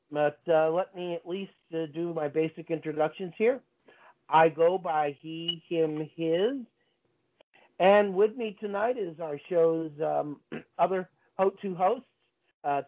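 A man introducing his community radio talk show in a halting way, with many fillers. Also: fairly high pitch. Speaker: radio host. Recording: dull lo-fi radio audio.

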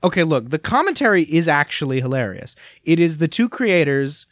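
Young male podcast co-host, slightly high voice, chatty and self-deprecating. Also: sing-song, fairly quick, fairly bright tone, dry recording, clean studio sound. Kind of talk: casual chat.

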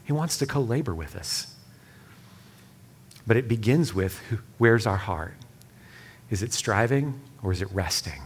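A man giving a sermon-style session, telling a personal story and then leading a quiet, earnest prayer. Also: fairly low pitch, expressive, unhurried, pauses often, slightly rough. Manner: earnest storytelling, drops to soft hushed prayer. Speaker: speaker leading a church session.

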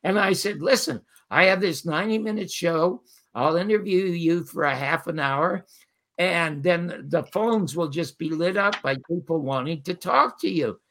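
An older man telling animated stories as a guest, quoting the people in them. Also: fairly high pitch, normal speed. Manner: animated storyteller quoting others. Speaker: guest storyteller. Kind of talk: casual interview anecdotes.

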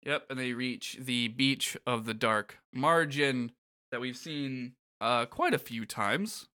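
A man's voice: mid-range voice, slow, bright, forceful tone. A man co-hosting a podcast, recapping a video game in casual, joking chat with frequent swearing and laughter. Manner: joking, profane, laughs often. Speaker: podcast co-host.

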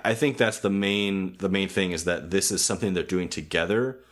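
A low-pitched young man talking through a cartoon episode in casual podcast chat. He hedges with ums, restarts his sentences and breaks into chuckles. His delivery is loose and unscripted. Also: a little fast, fairly bright tone. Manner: hesitant, many ums, laughs often. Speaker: podcast host.

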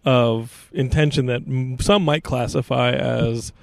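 Male podcast host, gravelly voice, playful joker, dry close recording. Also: mid-range voice, fairly even intonation, unhurried, no room sound. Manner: joking, playful. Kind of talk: casual interview chat.

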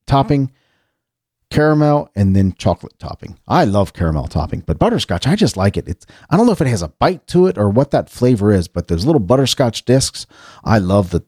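A man's voice: fairly low pitch, mellow, no room sound, clean studio sound. A man hosting a casual solo show, chatting in a rambling way with frequent restarts and asides. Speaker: podcast host.

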